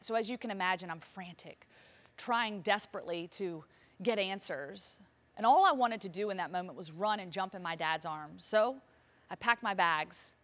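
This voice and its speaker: A woman's voice: medium pitch, expressive, normal speed, a bit bright. A woman in her thirties, a motivational speaker, telling a personal story on stage with vivid, emotional delivery and acted-out dialogue. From Virginia, US.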